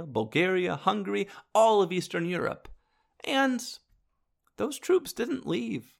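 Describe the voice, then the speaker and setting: A man's voice: a little high, vocal fry, fairly bright tone. A man hosting a history show, narrating from a script and turning to his listeners with wry asides. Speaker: history podcast host.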